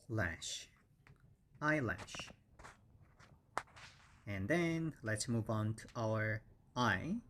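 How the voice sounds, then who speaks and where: A man teaching English vocabulary, speaking slowly and patiently and repeating each word several times; his first language is Korean. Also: lowish voice, fairly bright tone, a little hiss or hum. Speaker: English instructor. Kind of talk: slow vocabulary lesson with repeated words.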